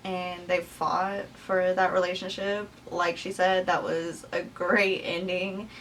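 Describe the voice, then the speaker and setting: A woman's voice: on the low side, flat delivery, slow pace, fairly bright tone. A young woman hosting, reacting casually to a clip in a blunt, slangy way. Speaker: host reacting to clips. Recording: distant mic with faint background noise.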